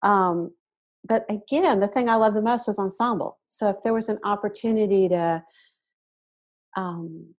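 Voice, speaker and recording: A woman's voice: medium pitch, moderate pace. Sixty-year-old woman with a Southern accent. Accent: Arkansas Southern US. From Arkansas, USA. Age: 60s. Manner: relaxed, reflective storytelling. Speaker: guest voice teacher. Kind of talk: casual podcast interview.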